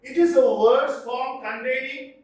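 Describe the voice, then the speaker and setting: A man's voice: very high voice, unhurried. A male teacher giving a lecture on poetic meter, explaining step by step, repeating words and checking in with "okay". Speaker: English literature teacher. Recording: echoey room from a distance.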